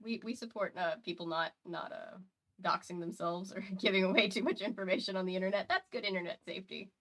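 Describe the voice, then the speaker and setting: Woman, stream host, casual chat, dry self-mocking jokes, bright sharp voice. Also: medium pitch, fast.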